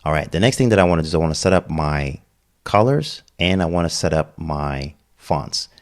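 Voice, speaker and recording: Very deep-voiced man teaching software. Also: expressive, brisk. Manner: step-by-step, casual, frequent "okay?" check-ins. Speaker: web design tutor. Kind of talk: screen-recorded software tutorial.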